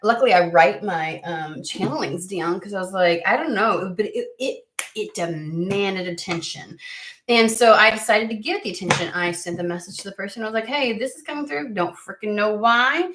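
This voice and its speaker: An American woman talks loosely to her viewers, trailing off and restarting her sentences over and over. Her voice sits at an ordinary middle pitch, and the room around her rings with a noticeable echo. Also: noisy background. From United States. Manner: rambling, halting, many fillers and restarts. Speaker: tarot reader. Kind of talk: casual chat to camera. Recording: echoey room.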